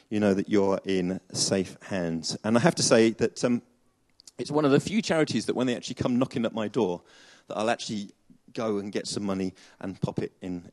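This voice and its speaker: A man's voice: on the low side, darkish tone. A man preaching a chatty sermon to a congregation, with many fillers and restarts.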